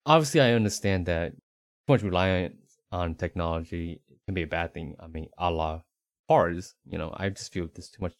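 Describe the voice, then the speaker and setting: A man with a faint Rhode Island accent talks in a casual, rambling way as a podcast co-host. His voice sits low and deep. The recording is dry and close, with no room sound. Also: normal speed, no echo. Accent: slight Rhode Island. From Northeast United States. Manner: rambling, self-correcting, easygoing.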